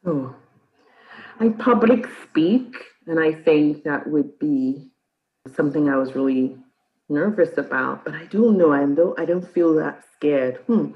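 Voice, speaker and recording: A woman's voice: low voice, a little slow, narrow, tinny audio. A woman in her thirties from Nigeria, a podcast guest chatting casually and telling stories with frequent laughter. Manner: laughs often, lively storytelling. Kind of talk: casual interview chat.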